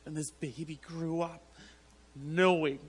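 A man preaching a sermon to his church, halting and repeating words as he tells a story, often breaking into laughter. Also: a little high, fairly even intonation, breathy edge. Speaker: pastor.

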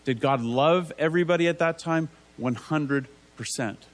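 Guy giving a chatty sermon, kinda high voice, throws in "isn't there?" and plays out the bible characters. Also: normal speed. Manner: asks rhetorical tag questions; acts out biblical figures in casual voices. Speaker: preacher. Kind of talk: conversational sermon.

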